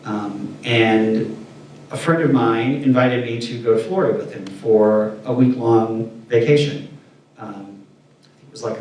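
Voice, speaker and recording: A man's voice: medium pitch, a little hiss or hum. A man from Indiana telling candid stories in a casual interview, acting out quotes as he goes. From Indiana, USA. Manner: candid, animated storytelling with acted-out quotes. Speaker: interview guest. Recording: distant mic in echoey room.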